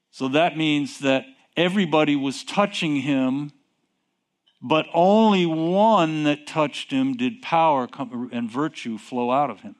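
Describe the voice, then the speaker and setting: A man preaching a sermon, asking the listeners questions and repeating his key phrases. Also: mid-range voice.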